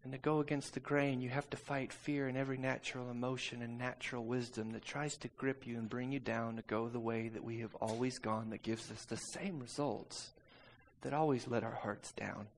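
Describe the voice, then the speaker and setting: A man preaching a sermon and telling a personal story, swinging between soft, intimate passages and loud, urgent ones. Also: medium pitch, steady tone, normal speed, slight background noise.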